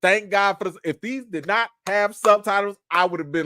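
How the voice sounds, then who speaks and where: Animated man hosting a livestream review. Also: high-pitched, moderate pace, hardly any pauses. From Haitian family. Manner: animated, playful, talks straight to viewers. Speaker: host.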